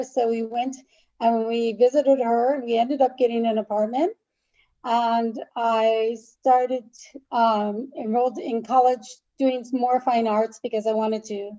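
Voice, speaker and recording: Animated storytelling woman, mellow voice. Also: a little high, dull audio. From Albany, New York. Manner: animated storyteller, laughs often, acts out dialogue. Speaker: makeup artist, podcast guest. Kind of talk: storytelling interview.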